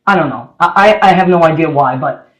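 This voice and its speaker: A woman's voice: low voice, brisk. Chatty woman radio host, exclamations throughout; echoey studio room. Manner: chatty storyteller with lively exclamations. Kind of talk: casual chat.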